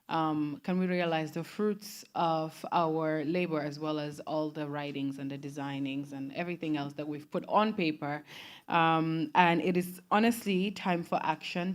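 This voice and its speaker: A Gambian woman acting as host at a formal breakfast meeting. Her voice sits slightly low, and she speaks in a measured way, pausing on fillers between her remarks. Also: clean tone. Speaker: event host. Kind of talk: formal event hosting. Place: conference room at a breakfast meeting.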